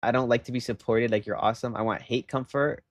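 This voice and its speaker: A young man chatting casually on a livestream, telling a story in an animated way and rising into loud exasperation. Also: medium pitch, quick pace, dry recording, studio quality. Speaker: live streamer.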